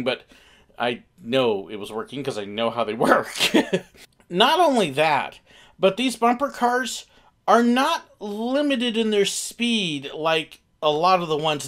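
A man casually telling a funny family story, animated and acting out the quoted bits. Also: high voice.

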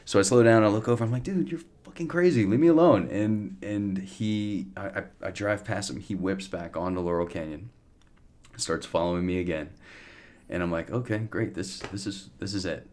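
A man in his thirties, a podcast guest, telling a long story in a casual, animated way with lots of restarts and fillers. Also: deep voice, moderate pace.

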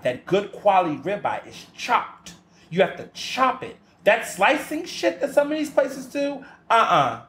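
A man's voice: fairly high pitch, a bit bright. A man hosting a podcast, chatting casually alone in a sassy, emphatic way and often stopping to ask "okay?" for emphasis. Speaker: podcast host. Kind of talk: casual solo chat. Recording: roomy echo with faint ambient noise.

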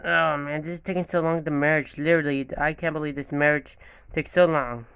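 A man's voice: on the high side, steady tone, brisk, creaky, a bit bright, smooth. A man voicing a nervous young groom and his friends in hobby voice acting, rambling and repetitive. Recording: dull lo-fi with faint music.

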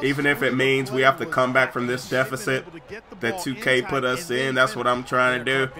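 A man giving excited gameplay commentary over a basketball video game and yelling on big plays. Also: mid-range voice, moderate pace, a crowd in the background. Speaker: gaming YouTuber.

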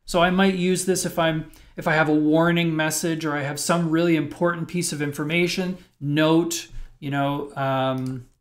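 A man's voice: on the high side, fairly even intonation, moderate pace. A man teaching web programming in a screencast lecture, thinking aloud and explaining step by step as he types.

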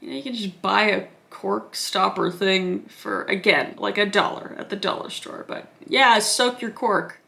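A woman's voice: medium pitch, steady tone, unhurried, gravelly, few pauses, pushed and bright. A woman from Canada giving sarcastic comedic reactions, swearing freely and laughing often. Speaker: comedy YouTuber.

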